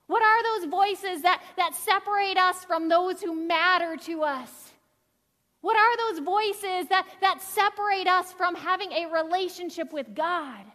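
A woman pastor preaching a sermon with energetic, earnest delivery and quick restarts. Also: extremely high pitch. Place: church sanctuary. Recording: long reverb of a church hall.

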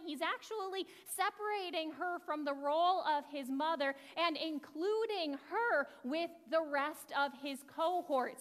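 A woman's voice: sits high, a bit bright. Woman pastor preaching, chatty and conversational, lots of church echo. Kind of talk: sermon. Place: church sanctuary. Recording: long church reverb.

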